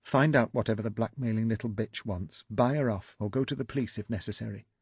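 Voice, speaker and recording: A man's voice: lowish voice, fast talker, a little mellow, husky, no echo, studio quality, pitched above the performer's own voice. A man reading the part of a proud, hurt middle-aged wife who speaks with controlled, clipped fury. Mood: cold fury.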